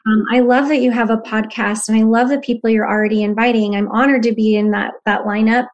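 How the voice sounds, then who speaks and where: Casting: woman in her thirties, slightly high voice, earnest podcast guest explaining her practice. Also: fairly even intonation, brisk, dull audio. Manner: earnest, warm reflective explaining. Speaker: human design guide, podcast guest. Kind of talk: podcast conversation.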